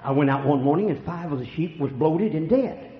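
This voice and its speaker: Older folksy preacher man, lively voice. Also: a little high, fairly quick. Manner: folksy storytelling, swings between hushed and loud. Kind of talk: sermon. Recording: echoey room, dull lo-fi sound.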